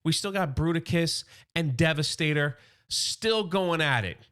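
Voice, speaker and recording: A man's voice: fairly high pitch, measured pace, sharp tone, clean tone. A man doing a casual, enthusiastic comic book recap, loosely acting out the characters' quotes.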